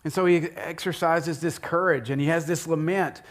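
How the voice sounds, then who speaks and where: A pastor tells a Bible story in a lively sermon, his voice sitting a little high for a man. He acts out the characters, leaping up suddenly for their exclamations. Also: normal speed. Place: church sanctuary.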